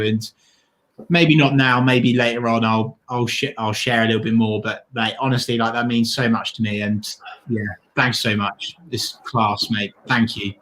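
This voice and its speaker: A man co-hosting a long charity livestream, talking in an excitable, gushing way and thanking donors warmly, worn out from the long hours. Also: medium pitch, normal speed, low-quality recording. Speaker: livestream co-host. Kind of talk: casual livestream chat.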